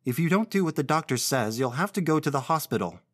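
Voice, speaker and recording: A woman's voice: fairly low pitch, steady tone, fairly quick, fairly bright tone, no room sound, clean studio sound, pitched above the performer's own voice, lightly acted. A man voicing a severe, anxious mother who scolds her child in a storybook reading. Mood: scolding. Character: anxious scolding mother, middle-aged woman.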